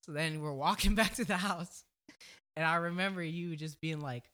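A young adult man with a slightly high voice, telling a story in loose conversation. He talks in slang and swears freely. He gets animated and laughs through the telling. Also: normal speed. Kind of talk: casual storytelling chat.

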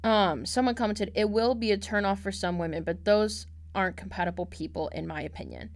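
A woman's voice: medium pitch, a little fast. A young woman hosting a casual podcast, reading out online posts and reacting bluntly and sarcastically, swearing freely. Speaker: podcast host.

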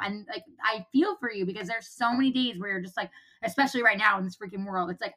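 A woman's voice: mid-range voice, quick pace, hardly any pauses, a bit bright, rough recording. A woman co-hosting a casual chat, reflecting back sympathetically and swearing freely. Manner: sympathetic, profane.

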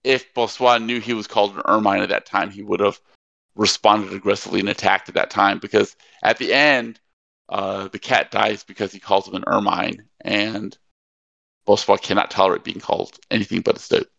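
A man's voice: on the low side, steady tone, normal speed, creaky, fairly bright tone, dry recording. A man co-hosting a book podcast, chatting casually with some hesitant fillers and reading quotes aloud. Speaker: podcast co-host. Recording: dull lo-fi mic.

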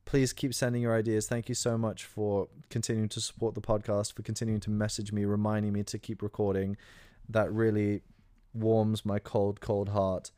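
A young man riffs sarcastically through a crude solo podcast monologue. His voice sits on the low side and he rambles with frequent fillers. The sound is close-miked and dry. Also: little pitch movement, moderate pace, warm tone, dry recording. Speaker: podcast host.

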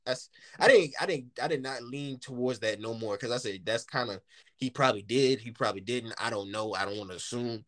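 Guy telling a wild story on a podcast, laughs a lot, cusses, super animated, dry close sound. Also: mid-range voice, a little fast, no room sound. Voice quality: animated, laughs often, swears freely. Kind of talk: casual storytelling chat.

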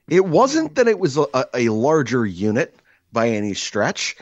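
A man hosting a podcast, telling a crude comic story in an animated, rambling way with many fillers, seated across from his co-host. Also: medium pitch, normal speed, no room sound, highs cut off. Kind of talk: casual comedic storytelling.

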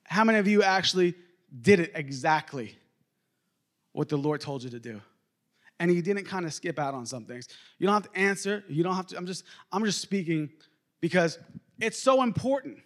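High-voiced pastor guy preaching, lively, keeps calling out to the church and laughing a bit. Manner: animated, calls out to the congregation, chuckles often. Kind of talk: sermon.

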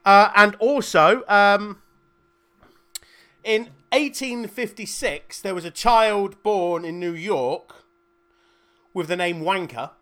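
A man's voice: high voice, takes it slowly, pauses often, fairly bright tone. A man co-hosting a podcast, joking and swearing through casual banter. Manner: jokey, swears a lot. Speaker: podcast co-host.

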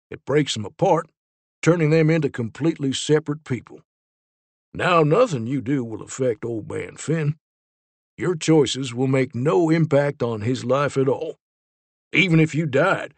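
A man's voice: fairly high pitch, no echo. A man voicing Zeke, an earnest male Time Ranger explaining and defending a case, in a storybook reading. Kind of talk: storybook character voice.

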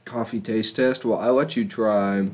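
A man's voice: lowish voice, fairly even intonation, a little slow, darkish tone. A young man co-hosting a casual podcast, giving dry, brief answers. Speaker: podcast co-host. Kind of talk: casual crude chat.

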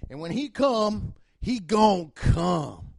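Man doing a Southern sheriff, drawling, loud preachy pep talk, high-pitched, swoops up. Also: big pitch swings, slow, vocal fry, heavily acted. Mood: blustering. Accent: Southern US (put on). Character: blustering Southern small-town sheriff briefing his men. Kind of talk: improvised video game character monologue.

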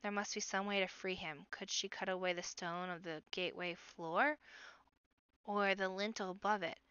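Bright-voiced woman reading a storybook. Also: mid-range voice, moderate pace, smooth, dry recording, highs cut off. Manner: expressive storybook narration. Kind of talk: reading a children's novel aloud.

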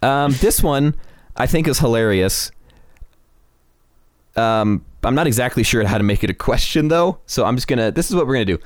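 A man's voice: medium pitch, expressive, normal speed, no echo, studio quality. A man hosting a casual chat, reading neighborhood posts aloud and laughing often. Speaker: podcast host.

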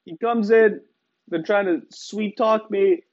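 A man's voice: high voice, takes it slowly. A man from Iran telling a story in a wry, emphatic way, often adding rhetorical tags. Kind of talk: casual storytelling. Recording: slightly dull, lo-fi sound.

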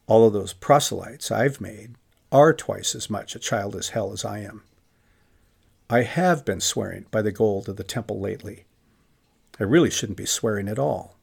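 A man's voice: creaky, breathy edge, full character voice. A man voicing a brooding remorseful Pharisee. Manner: low, quiet inner monologue of self-reproach. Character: remorseful middle-aged male Pharisee, brooding and self-accusing. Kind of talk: dramatized inner monologue in a lecture.

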